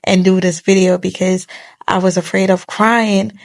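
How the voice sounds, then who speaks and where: A young woman speaks to her phone camera, telling a personal story of loss. Her mid-pitched voice carries a gravelly fry, and her casual, colloquial delivery stays heartfelt and tearful as she holds back tears. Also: flat delivery, normal speed. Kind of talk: emotional storytime monologue. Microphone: phone camera facing the speaker.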